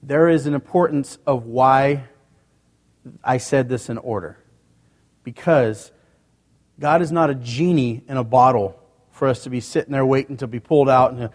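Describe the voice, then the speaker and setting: A man's voice: mid-range voice, normal speed. Guy preaching to his church, chatty, asks the crowd questions, big echoey hall. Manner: conversational preaching with rhetorical questions. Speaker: pastor. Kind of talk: sermon. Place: church sanctuary.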